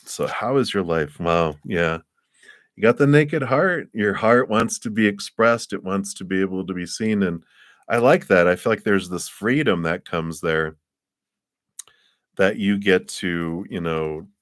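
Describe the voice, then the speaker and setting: Man, tarot reader, live reading, very low voice, dry sound, chuckling, encouraging, rambling. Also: no echo. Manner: warm, encouraging, chuckles often, rambling restarts.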